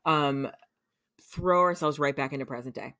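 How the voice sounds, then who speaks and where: Brief: podcast co-host, woman, very low voice, casual meandering recap. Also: normal speed, bright, forceful tone, no echo, studio quality. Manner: rambling recap full of "um" and "like". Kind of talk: casual chat.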